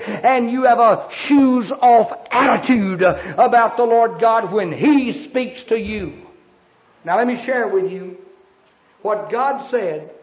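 A man preaching a sermon, emphatic and fervent, breaking into sudden shouts. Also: sits high. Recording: dull lo-fi sermon recording.

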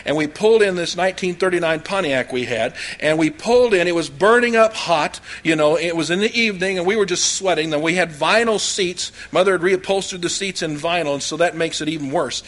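A man's voice: on the high side, brisk, hardly any pauses, a bit bright. An older man preaching a sermon in a folksy, rambling way, full of homespun anecdotes and fillers. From Oklahoma. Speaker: pastor.

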